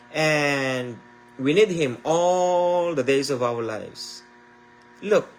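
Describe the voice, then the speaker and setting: In a live-streamed Bible teaching, a Filipino-accented preacher from the Philippines, whose native tongue is Tagalog, speaks English in a mid-range voice. His manner is relaxed and chatty; he starts phrases over, returns to the same rhetorical questions, and often says "my dears."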